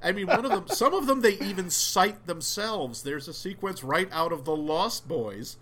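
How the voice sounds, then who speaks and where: Animated man retelling film scenes. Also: high voice, normal speed. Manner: animated storyteller, recounting scenes. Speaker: podcast co-host. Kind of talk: casual film review chat.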